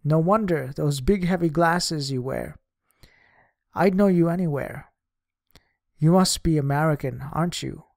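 A man's voice: on the high side, unhurried, gravelly, pauses often, dry recording, studio quality. A man reading as a frank young cigarette girl. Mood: plain. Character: young street girl selling cigarettes, frank and hard-pressed.

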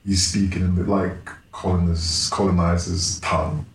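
A man chats bluntly on a podcast, voice sitting very low and laughing often. The room rings around him with a faint hiss underneath. Casual, swearing, relaxed banter. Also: moderate pace, gravelly. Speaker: podcast co-host. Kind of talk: casual chat. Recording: roomy room with faint noise.

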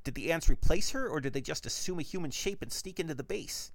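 A man telling an absurd comic story in the first person, with a wry, animated narration. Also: fairly high pitch, fast talker, vocal fry, no room sound.

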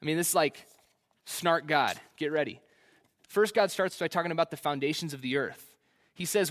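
Casual, slangy male preacher, fairly high voice. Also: normal speed. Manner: relaxed, slangy retelling with playful asides. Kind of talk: casual conversational sermon.

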